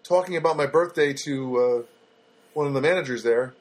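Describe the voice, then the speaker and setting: Husky guy rambling on his home podcast, lots of ums and restarts. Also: on the high side, fairly quick. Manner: rambling, loose and chatty with many fillers and restarts. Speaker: podcast host. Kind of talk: casual solo podcast chat. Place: studio apartment.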